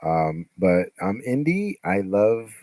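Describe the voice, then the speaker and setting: An earnest man speaks as a guest on a live online chat. His voice is very deep and his delivery is slow. The sound is dry and close. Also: big pitch swings, a little mellow, no room sound.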